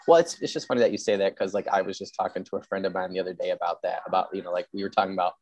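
A man hosting a casual podcast chat, rambling and filling pauses with quick agreement. His voice is very deep. He talks at a rapid clip. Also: a little mellow, no echo. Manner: rapid, repeats "yeah", rambling. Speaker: podcast host.

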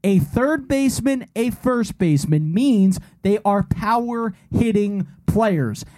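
A man's voice: sits high, slow pace, dark tone. A man co-hosting a casual sports podcast, arguing his point hard, interrupting and restarting his sentences. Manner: argumentative, interrupts, stammers on restarts. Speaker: podcast co-host.

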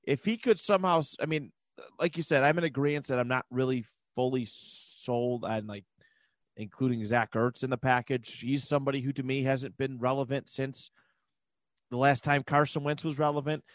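A man's voice: medium pitch, fairly even intonation, normal speed, no room sound. A man co-hosting a podcast, rambling loosely through casual sports chat, laughing often and swearing now and then. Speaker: podcast co-host.

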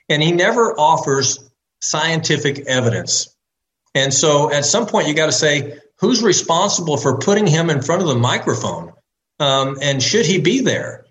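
Measured male doctor guest. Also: on the high side, expressive, a bit bright, a little hiss or hum, low-quality recording. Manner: measured, builds arguments in lists. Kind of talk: interview answers.

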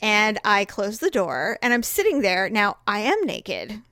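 A woman telling a funny story in casual podcast chat, animated and shrieking when she acts out the scare. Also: mid-range voice, measured pace, no echo, clean studio sound.

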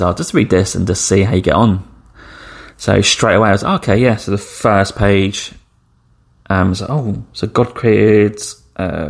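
Guy rambling through a travel story, low gravelly voice, does little voices for folks he quotes. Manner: chatty, acts out quoted dialogue with shifting voices. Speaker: podcast host. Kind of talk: casual storytelling.

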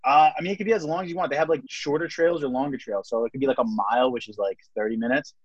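Husky fast-talking young man, lo-fi. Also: mid-range voice, no echo. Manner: rambling, lots of "like" and "you know what I mean". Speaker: podcast host. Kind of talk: casual chat.

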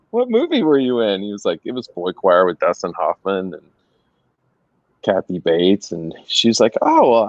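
Low-voiced middle-aged guy telling stories, really animated, lots of ups and downs, dry muffled-ish audio. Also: no room sound. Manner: animated, laughs while telling anecdotes. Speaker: guest. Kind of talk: casual storytelling. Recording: dry, slightly dull sound.

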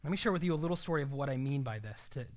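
Young man, preacher, sermon, earnest, emphatic, hushed at times. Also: medium pitch, lively intonation, very fast. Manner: earnest, emphatic, drops to a near-whisper at times.

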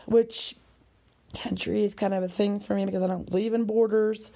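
A woman venting on her own podcast in a rambling, emotional rant. Her voice is gravelly and husky with a dark, mellow tone. She swears and slips into whispered asides, a little tipsy after a couple of drinks. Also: mid-range voice, fairly even intonation, moderate pace. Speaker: podcast host.

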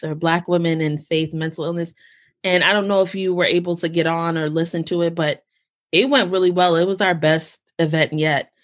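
A young adult American woman hosting a podcast, talking casually and telling stories in an animated way. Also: on the low side. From United States. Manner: animated storytelling, quotes relatives in lively voices. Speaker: podcast host. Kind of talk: casual conversation.

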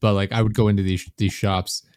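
A man's voice: fairly low pitch, level tone, a little fast, darkish tone, smooth, no room sound, studio quality. A man in a casual chat, easygoing and a little hesitant, often restarting what he says.

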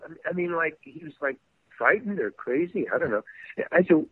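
Animated older man on a tinny line. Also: on the high side, moderate pace, husky, dry recording. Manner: rambling, animated, acts out the people in his stories. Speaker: guest actor. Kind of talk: storytelling in a podcast interview. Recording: dry tinny phone-like line.

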